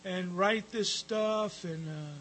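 Man speaker at a recovery meeting, high bright voice, rambling storytelling with fillers and cussing. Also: takes it slowly, slight background noise, rough recording. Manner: rambling, with frequent fillers and profanity. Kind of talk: personal storytelling talk.

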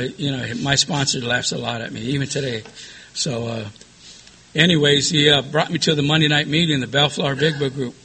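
A middle-aged man tells his own story to a room at a recovery meeting, plain-spoken and rambling, with plenty of fillers. His voice has a husky edge, yet the tone sits bright and forward. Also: mid-range voice. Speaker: speaker sharing at a recovery meeting. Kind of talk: personal testimony to an audience.

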